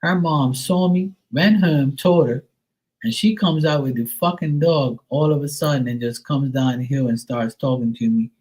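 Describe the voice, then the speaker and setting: A man's voice: medium pitch, normal speed, darkish tone, rough recording. Middle-aged male streamer, casual profane storyteller, heavy on fillers. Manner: mimics others in a raised voice. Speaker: live stream host.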